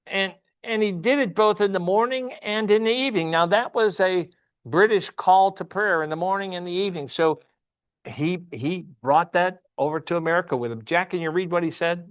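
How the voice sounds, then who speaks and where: A man's voice: high voice, normal speed, clean tone. A man teaching a church Sunday class, often asking the class questions and repeating himself.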